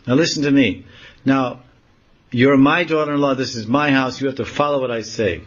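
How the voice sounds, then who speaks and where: A man's voice: mid-range voice, fairly even intonation, moderate pace, dull audio, voice pushed up, lightly acted. A man voicing a bossy old mother-in-law who gives stern commands to her household. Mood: commanding. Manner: commanding, scolding.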